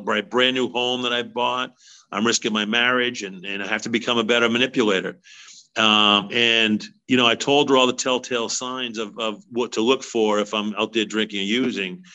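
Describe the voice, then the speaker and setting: A man in his forties, appearing as an interview guest, tells his own story in a confessional way. His medium-pitched voice is brisk, bright and forceful with a steady tone, and he is earnest and repetitive, acting out both sides of past conversations. The sound is lo-fi.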